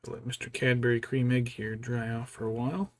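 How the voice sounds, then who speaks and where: A man's voice: mid-range voice, little pitch movement, brisk. A man casually thinking aloud as he paints a miniature, rambling and musing to himself. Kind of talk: casual hobby vlog chat.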